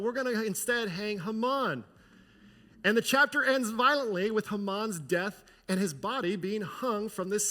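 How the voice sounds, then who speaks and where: A man's voice: high voice, pushed and bright. A male pastor retelling a scripture story in a sermon, casual, with wry asides.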